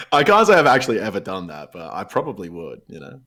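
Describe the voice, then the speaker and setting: Deep-voiced man telling laid-back stories. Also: wildly swooping pitch, brisk, pushed and bright. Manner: laid-back, swears casually, rambling storytelling. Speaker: podcast guest. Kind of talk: casual podcast chat.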